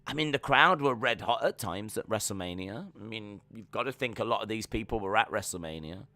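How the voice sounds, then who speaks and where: A man's voice: on the low side, animated, a little fast, sharp tone, no room sound. A man hosting a live watch-along stream who rambles animatedly and acts out scenes. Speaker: host.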